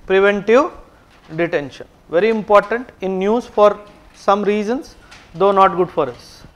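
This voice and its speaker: A man with an Indian English accent and a rather high voice gives a classroom lecture on current affairs. He works through each point methodically, repeats the important terms and checks that his students are following. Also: unhurried. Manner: explanatory, repeats key terms, checks in with "okay?". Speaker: civil services exam teacher.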